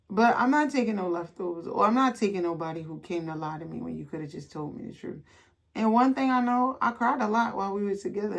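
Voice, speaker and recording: A woman does a tarot reading straight to her viewers. She talks loosely and bluntly, swears freely, and breaks off to read card messages aloud before going back to casual chat. Her voice sits at a middle pitch for a woman. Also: creaky. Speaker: tarot reader.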